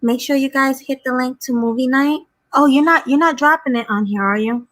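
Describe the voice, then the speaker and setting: A woman's voice: high voice, brisk, a bit bright. A woman guest on a livestream, upbeat and friendly. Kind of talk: casual livestream chat.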